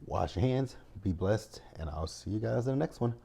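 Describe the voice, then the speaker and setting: A man's voice: on the low side, moderate pace, gravelly, husky. A man giving a casual, blunt reality TV recap, swearing freely and ranting with energy. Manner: blunt, profane, animated rants. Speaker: TV recap vlogger.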